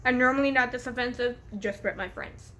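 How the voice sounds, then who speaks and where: A woman's voice: fairly high pitch, brisk, fairly bright tone, a little hiss or hum. Giggly, cussing young woman vlogger. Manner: giggly, rambling, profane, easily distracted. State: caffeine-hyper. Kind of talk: casual storytime vlog. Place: home room with a pet bird.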